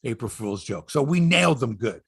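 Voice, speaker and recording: Veteran male sports host, sixties, husky, lively storyteller. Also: mid-range voice, brisk, no room sound, clean studio sound. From Canada. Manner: animated storyteller, acts out quotes, swears freely. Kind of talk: casual sports chat and storytelling.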